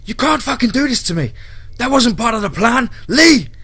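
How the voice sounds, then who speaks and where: A man's voice: very high voice, sing-song, normal speed, pushed and bright, slightly rough, voice pushed up, full character voice. A man voicing a desperate young criminal who screams frantically in panic. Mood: panicked.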